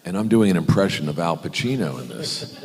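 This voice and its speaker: A man, a guest actor on a convention panel, telling an animated, self-deprecating anecdote with many restarts. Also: low-pitched, brisk. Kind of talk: anecdotal storytelling. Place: large convention hall panel. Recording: echoey convention hall.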